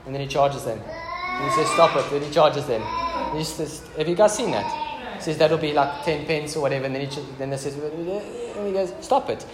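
Pastor preaching in an echoey church. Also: male voice, a little high, brisk, hardly any pauses. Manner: casual, joking asides. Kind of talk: sermon. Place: church hall. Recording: echoey church hall with background noise.

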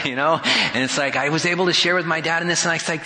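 A male pastor delivers a sermon in a conversational storytelling manner, acting out dialogue as he goes. His voice is bright and forceful, carried by the long reverb of a church hall. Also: mid-range voice, fast talker, hardly any pauses.

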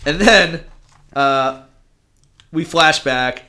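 A man with a bright, rather high voice recaps a comic for his podcast co-host. His talk is casual and animated, full of swearing. He keeps jumping into quick voices for the characters.

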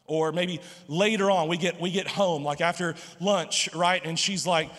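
Pastor guy preaching, kinda high voice, lots of restarts and jokes, big church echo. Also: fairly even intonation, a little slow, fairly bright tone. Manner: stammering restarts, joking asides. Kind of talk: sermon.

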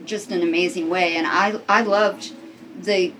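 A woman's voice: fairly low pitch, fairly even intonation, a little slow, a bit bright, slight background noise, rough recording. A woman interviewer asking questions with enthusiasm.

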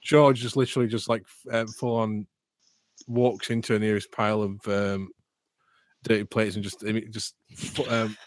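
A man's voice: lowish voice, flat delivery, normal speed, no echo, clean studio sound. A man, running a tabletop game as game master in a casual, joking way. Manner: casual, swears freely, laughs along.

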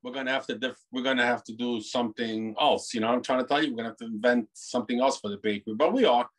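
A middle-aged man born in Italy, a bakery owner, talking in an animated, rambling way with many restarts on a video call. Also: mid-range voice, fast. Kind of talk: casual interview over a video call.

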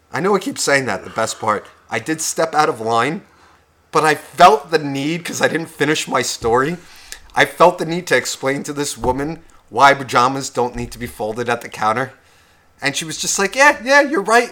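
A man co-hosting a casual podcast, spinning a long profane story. His voice is bright and forceful, and he slips in and out of quoted characters as he goes. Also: medium pitch. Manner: animated, swears constantly, acts out other people's lines. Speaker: podcast co-host.

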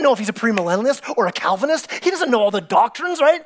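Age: adult. Sex: male. Role: pastor. Style: sermon in a church, conversational and animated, acting out characters. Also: very high-pitched, fast talker. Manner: animated storytelling, acting out biblical characters with excited voices; conversational, repeats words and restarts often. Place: church sanctuary.

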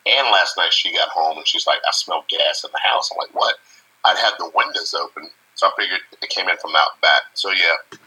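A man's voice: deep voice, fairly quick, bright, forceful tone, breathy edge, poor audio. A middle-aged man co-hosting a casual chat show, telling a family story and laughing as he acts out what people said. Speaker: co-host.

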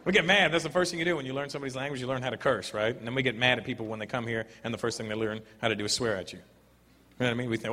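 A man doing a loud, animated stand-up comedy set, breaking into put-on voices between jokes. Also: medium pitch, rapid-fire. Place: comedy club stage. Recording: roomy hall, noisy live crowd. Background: audience laughter.

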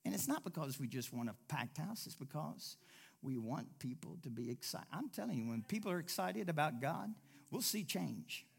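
Animated, high-voiced male pastor preaching. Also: normal speed, vocal fry, breathy edge. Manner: animated, swings between low asides and loud exclamations; mimics whiny voices when quoting people. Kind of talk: sermon.

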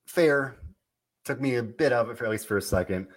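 A man hosting a casual wrestling podcast, talking in an animated, rambling way and often cutting himself off. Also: mid-range voice, a little fast. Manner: rambling, animated, self-interrupting. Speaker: podcast host. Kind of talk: casual wrestling recap chat.

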